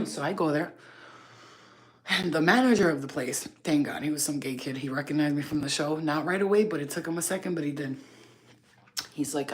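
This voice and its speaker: A woman telling a story on a casual livestream, talking loudly and animatedly, swearing and laughing often. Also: deep voice, a little fast, pauses often. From New York. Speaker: channel host.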